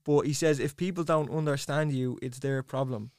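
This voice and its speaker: A man with a softened Dublin accent, a podcast guest talking earnestly in a casual chat. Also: medium pitch, fairly even intonation, dry recording, studio quality. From Ireland. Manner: earnest, measured, trying to speak neutrally.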